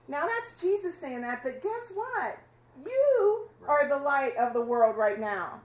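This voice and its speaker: A woman casually teaching a Bible passage to a small fellowship group, chatty and quick to laugh with them. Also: high-pitched, very animated. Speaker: Bible study leader.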